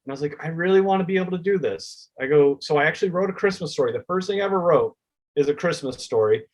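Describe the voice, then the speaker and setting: A man's voice: on the high side, fast, a little mellow. A man being interviewed as a children's book author, telling heartfelt stories and acting out the conversations he quotes. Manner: heartfelt, acts out quoted exchanges.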